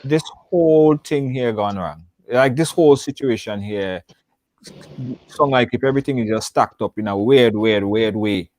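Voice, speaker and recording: Male host, mid-pitched, hesitant questions, dry sound. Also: normal speed, a little mellow, dry recording. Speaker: live show host. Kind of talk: live show interview.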